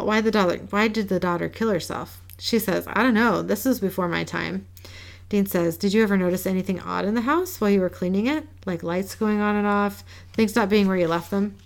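A woman casually recapping an episode as a podcast co-host, reading the characters' lines in a flat, low-key way. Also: normal speed, gravelly. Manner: reads quoted lines in a flat, low-key way with small laughs.

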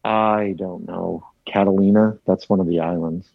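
A man's voice: low voice, fairly even intonation, moderate pace, gravelly, no room sound, phone-quality sound. A man chatting casually about a trip, rambling and swearing with many restarts. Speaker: traveler recounting a trip. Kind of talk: casual chat.

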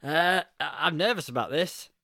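A man's voice: on the high side, moderate pace, gravelly, pushed and bright, no room sound, studio quality. A man co-hosting a casual film review podcast, teasing his co-host and laughing often.

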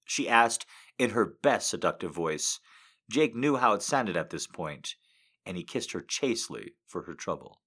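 A man hosting a live show, reading a story aloud and then chatting casually, animated and swinging between hushed and loud. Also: low-pitched, slow, breathy edge. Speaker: reader and live show host.

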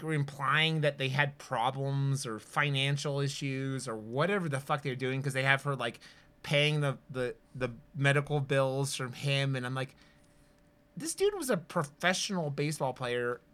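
A man's voice: a little high, a bit bright. A man co-hosting a horror podcast in loose casual chat, rambling with lots of fillers and swearing. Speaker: podcast co-host.

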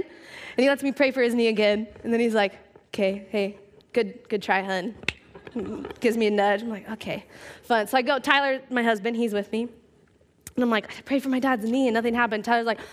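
A young woman giving a casual sermon at church, telling a personal story in a chatty, animated way with lots of "like" fillers. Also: a little high. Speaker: speaker at church.

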